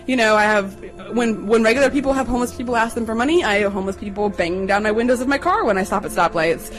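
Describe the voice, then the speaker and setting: A young adult woman chattily telling a personal story to listeners, acting out the quotes in a higher voice. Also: low-quality recording.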